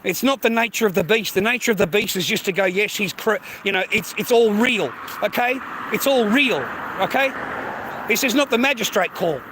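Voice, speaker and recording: A man's voice: high-pitched, expressive, brisk, pushed and bright, a little hiss or hum, low-quality recording. A man with an Australian accent ranting in a casual, heated, profanity-filled monologue. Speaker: streamer.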